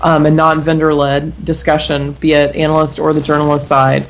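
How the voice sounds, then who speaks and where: A woman speaks as a podcast guest, thinking her points through carefully as she goes. Her voice sits notably low for a woman. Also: flat delivery, normal speed, a little hiss or hum, poor audio. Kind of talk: casual podcast conversation.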